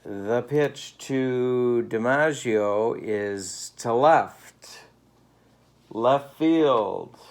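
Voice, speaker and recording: A man calling mock play-by-play for a tabletop baseball game at home, with dry, playful broadcaster patter. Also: medium pitch. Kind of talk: mock radio play-by-play commentary. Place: home living room.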